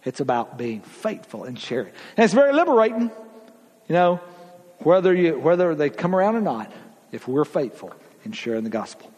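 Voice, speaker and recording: A man preaching in a folksy, emphatic way, his high husky voice leaping up and dropping low as he drives each point home. The sound rings with the long reverb of a church hall. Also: sing-song, normal speed. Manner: folksy, emphatic preaching with big swings in pitch and loudness. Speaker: pastor. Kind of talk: sermon.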